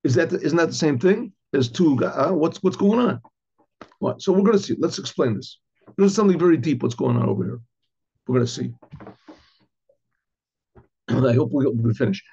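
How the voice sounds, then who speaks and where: A middle-aged rabbi teaches an informal class, his slightly high, husky voice doubling back on phrases and pausing to clear his throat. He tosses out rhetorical questions as he explains a text. The recording sounds dull and lo-fi. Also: expressive, warm tone.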